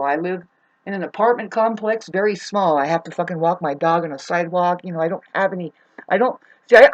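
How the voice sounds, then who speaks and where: A frustrated woman rambles, swearing freely and jumping between loud bursts and low mutters. Her voice sits at a middling pitch and is recorded close and dry, with no room sound. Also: no room sound, dull audio. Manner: frustrated, profane, swings loud and soft. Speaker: astrology vlogger. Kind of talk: rambling monologue.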